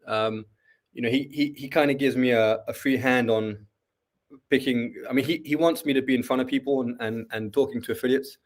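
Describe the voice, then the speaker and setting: A man's voice: mid-range voice, fairly even intonation, brisk. A man chatting as a podcast guest, hesitant, often repeating words and restarting his sentences. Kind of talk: casual interview chat.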